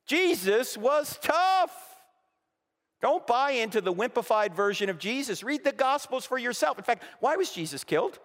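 A man's voice: high voice, big pitch swings, measured pace, fairly bright tone, in a large hall. A man preaching a sermon to a congregation, emphatic and full of rhetorical questions, acting out the voices he quotes. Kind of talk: sermon with slides. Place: church auditorium.

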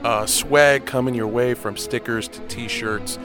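A man co-hosting a podcast, pitching listener support with joking, crude banter. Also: steady tone, a little slow, over music. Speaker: podcast co-host. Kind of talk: casual podcast promo pitch.

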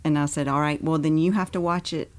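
A woman's voice: deep voice, steady tone, fast. A woman in her forties, a pastor's wife, talking candidly about parenting in casual conversation.

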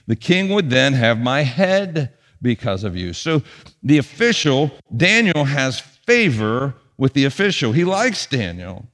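A man preaching a sermon as pastor, with punchy emphasis that drops to quiet asides. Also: medium pitch, very animated, measured pace, long reverb tail. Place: church sanctuary.

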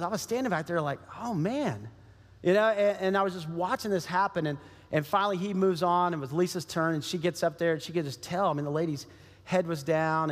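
High-voiced male preacher in a reverberant hall. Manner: emphatic, repeats key phrases. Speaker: pastor. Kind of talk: sermon.

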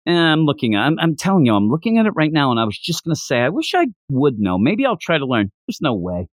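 A man in a casual podcast chat whose pitch swings widely as he jumps into acted-out character lines. The sound is dry and close, with little room around it. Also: quick pace, dry recording. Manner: animated, acts out character lines in raised voices. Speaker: podcast co-host. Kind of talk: casual anime recap chat.

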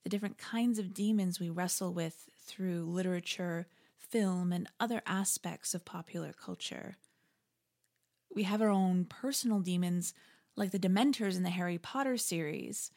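Woman, podcast host, low-pitched, gravelly, conversational, wry. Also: moderate pace. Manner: conversational, wry, animated asides. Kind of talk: reflective spoken commentary.

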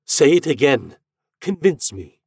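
A man's voice: a little high, big pitch swings, a little slow, gravelly, a little mellow, slightly rough, no echo, studio quality, pitched above the performer's own voice, full character voice. A man voicing a theatrical, courtly male ghost who returns to his forgotten love. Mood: jaunty. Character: wry, jaunty male ghost of a dead lover.

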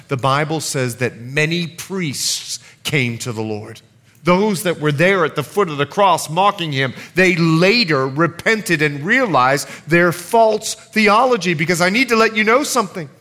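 Lively high-voiced male pastor preaching. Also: a little slow. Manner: animated, asks the congregation questions. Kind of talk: sermon.

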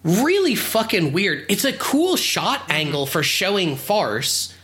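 Bright-voiced speaker, casual and sweary. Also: medium pitch, big pitch swings, takes it slowly. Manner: casual, swears freely, filler-heavy. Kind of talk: casual chat.

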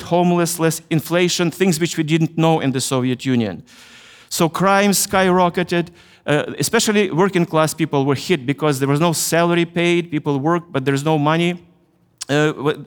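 A middle-aged man from Ukraine with a Ukrainian accent, telling a story in a chapel sermon with earnest pauses and hesitations. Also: fairly high pitch, smooth. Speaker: chapel speaker. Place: university chapel. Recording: long hall reverb.

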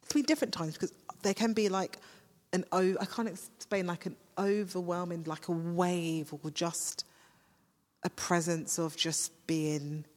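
A woman's voice: lowish voice, measured pace. A woman speaking as a podcast guest in a casual talk about faith, searching for words and breaking off her sentences. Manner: searching, self-interrupting, animated when amused. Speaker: podcast guest, ministry leader. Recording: long reverb.

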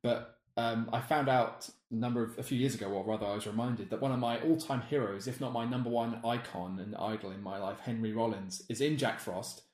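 A man's voice: mid-range voice, fairly quick, hardly any pauses, darkish tone, roomy sound. A man chatting casually on a podcast, rambling and self-deprecating. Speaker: podcast co-host. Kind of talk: casual chat.

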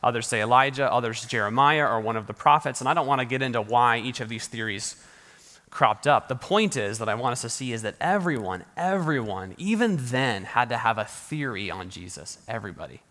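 A man preaching a sermon in a relaxed, conversational way, often restarting his sentences and laughing lightly. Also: medium pitch, fairly quick. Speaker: pastor. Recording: reverberant hall.

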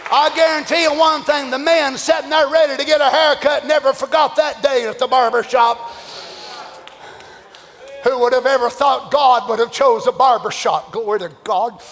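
A man preaching a fervent, shouted revival sermon, chanting repeated praises. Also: very high-pitched, fairly even intonation, normal speed, some chatter behind, a little hiss or hum. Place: church. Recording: long church reverb with congregation.

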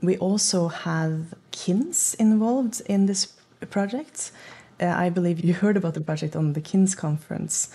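Low husky-voiced Norwegian woman. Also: unhurried, hardly any pauses, warm tone. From Norway. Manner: thoughtful, hesitant restarts, explanatory. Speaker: privacy project lead, guest. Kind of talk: interview over call.

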